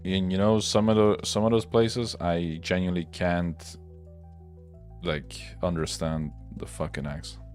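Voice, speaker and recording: Low-voiced man rambling on a livestream. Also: fairly even intonation, measured pace, a little mellow, faint music behind. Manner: rambling, profane, loose and opinionated. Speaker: livestream host. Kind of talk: casual livestream chat while working.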